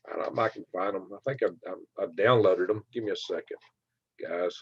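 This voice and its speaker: A man with a Southern twang hosting a casual livestream, talking quickly, joking and laughing often as he reads viewer comments. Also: deep voice, slightly rough, no echo. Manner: fast talker, laughs often, jokey. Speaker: livestream host. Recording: dry, dull lo-fi stream audio.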